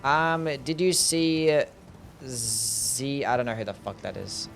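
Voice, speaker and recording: A man's voice: mid-range voice, expressive, slow pace, vocal fry, a bit bright. A young man streaming a video game, chatting casually, swearing freely and answering his chat. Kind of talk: casual gameplay commentary. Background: game music.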